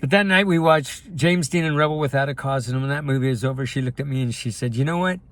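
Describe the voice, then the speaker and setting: A man's voice: medium pitch, fairly even intonation, fast, fairly bright tone. A middle-aged man from the United States, a life coach and filmmaker, candidly and emotionally telling his life story in a personal video. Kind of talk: personal video talk to camera.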